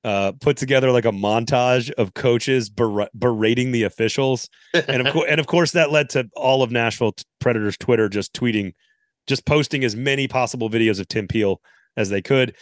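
A man's voice: mid-range voice, moderate pace, no room sound, studio quality. A man hosting a casual sports podcast, laid-back and wry, with plenty of ums and uhs. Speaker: podcast host.

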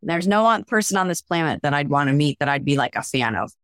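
A woman's voice: low-pitched, fast, no room sound, clean studio sound. A woman working as a mental skills coach, talking in a casual interview and acting out the people she quotes. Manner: animated, acts out quoted voices.

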